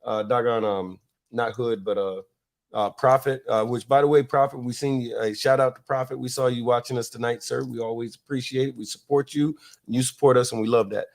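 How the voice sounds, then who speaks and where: A man's voice: mid-range voice, fairly even intonation, a little fast, vocal fry. Male podcast host from Florida, loose rambling storyteller, laughs often, mid-range voice. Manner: rambling, laughing, many fillers. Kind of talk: casual storytelling chat.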